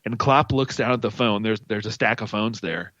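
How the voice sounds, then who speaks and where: A man's voice: fairly low pitch, moderate pace, no echo. A man, a podcast guest, chatting casually and telling stories with enthusiasm. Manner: enthusiastic storyteller, animated. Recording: dull, dry lo-fi audio.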